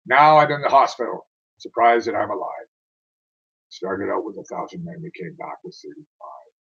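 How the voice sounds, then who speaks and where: A man's voice: lowish voice, lively intonation, moderate pace, vocal fry, fairly bright tone, husky, muffled recording, full character voice. A man reading verse aloud as a wounded male soldier telling his war story, in a rhythmic recitation. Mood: grim.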